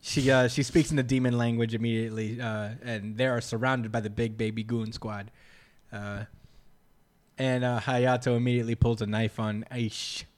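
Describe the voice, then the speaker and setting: A man's voice: medium pitch, little pitch movement, moderate pace. A man co-hosting a podcast, recapping a manga chapter in rambling casual chat full of "uh"s. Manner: rambling, many "uh"s, laughs often. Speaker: podcast co-host.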